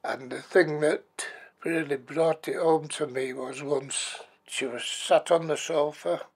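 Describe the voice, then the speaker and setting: A man's voice: a little high, steady tone, slow pace, breathy edge. A man, telling his life story as a bereaved husband and former carer in a plain-spoken, matter-of-fact way. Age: 80s. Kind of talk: personal life story told for a documentary.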